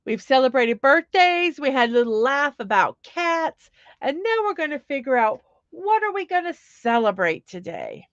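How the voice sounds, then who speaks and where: A woman's voice: high-pitched, very animated, moderate pace, a bit bright, no room sound, dull audio. A middle-aged woman hosting a casual home livestream, chatty and upbeat, reading viewers' comments aloud. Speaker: livestream host.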